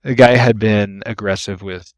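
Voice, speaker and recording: Guesting on a podcast, a young man who works as an ambulance AEMT shares stories from the job at a moderate pace. His voice is lowish and there's no echo. He's an animated storyteller who laughs a lot and mimics those he quotes.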